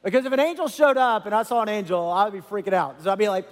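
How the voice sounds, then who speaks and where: A man preaching a sermon as a pastor, animated and conversational, with many asides to the congregation. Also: high voice, quick pace, long reverb tail.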